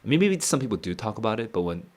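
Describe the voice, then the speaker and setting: A man streaming a casual read-aloud of a novel, thinking out loud between passages and chuckling often. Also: fairly low pitch, big pitch swings, very fast. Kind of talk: casual reading and reacting.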